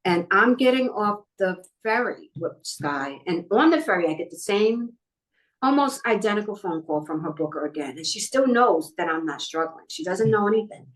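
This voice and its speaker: A woman's voice: medium pitch, animated, moderate pace, low-quality recording. A middle-aged woman from New York telling a personal story in a podcast interview, acting out what other people said. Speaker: guest.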